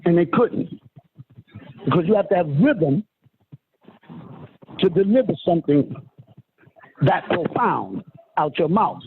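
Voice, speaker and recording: A man preaching a lecture to listeners on a phone call, emphatic and swooping, addressing them as honey and sister. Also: sits high. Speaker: self-styled spiritual teacher. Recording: tinny phone line with faint hiss.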